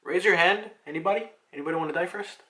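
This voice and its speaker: A man voicing a cold, cruel male demon noble who makes slow, measured threats. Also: sits high, bright, forceful tone, voice pushed up, rough recording. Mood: coldly menacing.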